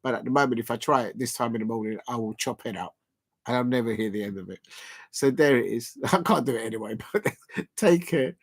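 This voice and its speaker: A man hosting his own live stream with an easygoing, playful manner. He chats casually, falls back on repeated catchphrases and chuckles to himself. His voice sits at an ordinary middle pitch. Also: fairly quick.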